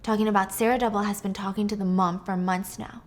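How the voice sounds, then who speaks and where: A young woman hosting a podcast, telling a story in a casual, animated way with swearing. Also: mid-range voice, fast. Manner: animated, swearing, reacting to her own story. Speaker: host.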